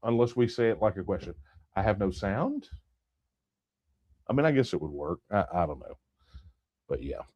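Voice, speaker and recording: A man with a fairly low voice hosts a casual late-night livestream Q&A. He talks loosely and works out his answers aloud, with plenty of fillers and restarts. The sound is dry and close, with no room around it. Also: big pitch swings, fast, a little mellow, breathy edge, dry recording, lo-fi sound. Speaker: livestream Q&A host.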